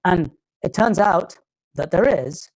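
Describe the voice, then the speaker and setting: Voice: mid-range voice, slow pace, a little mellow, poor audio. A lecturer with a British accent giving a live technical talk, often stopping and restarting phrases while thinking aloud.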